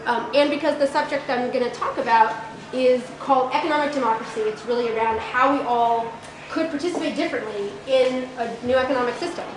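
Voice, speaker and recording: A woman giving a college guest lecture, hoarse from losing her voice, chatty with frequent ums. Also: high-pitched, fairly quick. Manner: participatory, conversational, frequent ums. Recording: echoey room with background noise.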